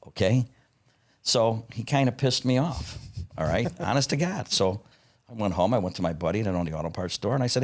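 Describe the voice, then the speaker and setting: Man, 50s, very low voice, salty raconteur who chuckles as he tells stories. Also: lively intonation, moderate pace. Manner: profane, blunt, acts out quoted dialogue; chuckles between lines. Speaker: podcast guest, parts company founder. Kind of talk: casual anecdotal storytelling.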